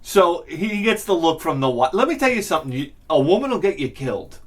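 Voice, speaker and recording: New guy telling a wild beach story, swears a lot, slightly high voice that swings all over. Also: fairly quick. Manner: animated, profane, laughs at his own story. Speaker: host. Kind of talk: casual storytelling rant.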